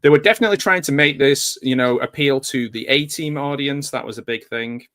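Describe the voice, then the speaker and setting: A man's voice: mid-range voice, fairly quick, fairly bright tone. A man giving a casual, rambling live commentary while watching a movie, drifting into nostalgic asides. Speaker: film commentator.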